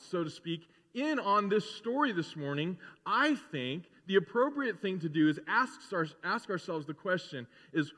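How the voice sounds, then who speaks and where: High-voiced guy preaching, chatty, does little voices, big hall echo. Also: fairly bright tone. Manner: conversational preaching with playful acted-out voices. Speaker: pastor. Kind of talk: sermon.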